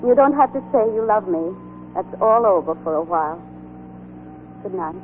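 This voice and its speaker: An actress playing a gentle, wry young English volunteer nurse in an old radio play, speaking softly and earnestly. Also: female voice, mid-range voice, lively intonation, moderate pace, natural voice. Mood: tender. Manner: soft, earnest, wistful. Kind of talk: 1940s radio acting. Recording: tinny old radio broadcast with hiss.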